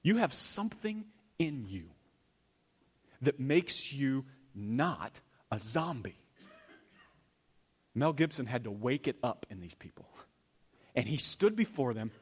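A man preaching a sermon in a church, animated, swinging between loud emphasis and hushed near-whispers. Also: mid-range voice, slow, long pauses, husky. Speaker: pastor.

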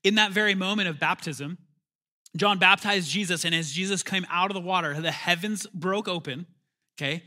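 A man's voice: sits high, moderate pace, sharp tone. A man preaching a conversational sermon as pastor, calling for amens and building to emphatic bursts.

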